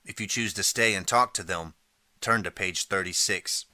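A man reading an interactive audiobook in steady second person and calling out page choices. His voice sits low and comes across sharp and forceful. The recording is dry and close. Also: moderate pace, no room sound. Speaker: audiobook narrator. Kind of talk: scripted second-person narration.

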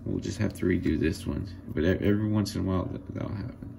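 Showing off handmade jewelry, a man talks in an easygoing, unhurried way, his voice low and gravelly. Frequent laughter marks his excitement and wonder, and workshop sounds are clearly audible the whole time.

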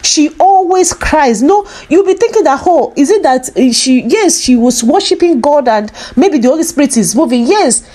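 A woman's voice: high-pitched, lively intonation, moderate pace, hardly any pauses, warm tone. A woman talking to her viewers in an emotional vlog, earnest and pleading, repeating herself often. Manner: emotional, sorrowful. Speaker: vlogger.

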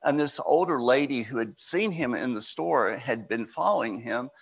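Man, mid-pitched and gravelly, relaxed inspirational speaker. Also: moderate pace. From United States. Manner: conversational, storytelling asides. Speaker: spiritual speaker. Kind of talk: inspirational talk.

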